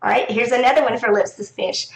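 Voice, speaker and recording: Woman teacher, high-pitched, casual and lively, sing-song classroom tone; echoey room. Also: quick pace, creaky. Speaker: teacher presenting to other teachers. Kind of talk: casual instructional talk.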